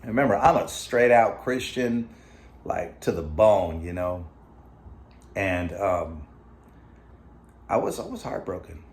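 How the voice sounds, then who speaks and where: With a low, expressive voice, this middle-aged man talks slowly and leaves long pauses as he relates a personal story on his vlog. His storytelling is loose and conversational, dotted with fillers and asides.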